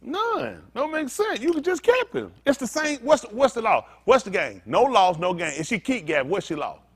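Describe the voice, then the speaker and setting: A man's voice: very high voice, very animated, moderate pace, fairly bright tone, breathy edge. A man preaching a sermon as pastor, talking straight to his congregation in a joking, conversational way. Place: synagogue congregation.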